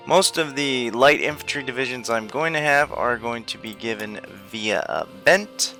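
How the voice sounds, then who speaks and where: Male gameplay commentator, gravelly and bright-edged, hesitant and unhurried, faint music underneath. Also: medium pitch. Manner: slow, hesitant, thinking aloud with many fillers. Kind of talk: casual let's-play commentary.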